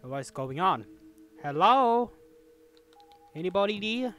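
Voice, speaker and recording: A man's voice: high-pitched, sing-song, measured pace, a bit bright, soft background music. A young man with playing a horror game on his own channel, talking to the characters and yelping when startled. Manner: jumpy, yelps and screams when startled, talks to the game character. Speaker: gaming YouTuber. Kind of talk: horror game let's play commentary.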